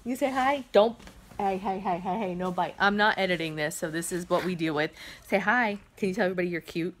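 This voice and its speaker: Speaking briskly in a fairly low voice, with slight background noise, a middle-aged vlog host talks casually and from the heart to the camera at her family home while kids are around. She rambles earnestly, a bit shaky and emotional, often using fillers and restarting.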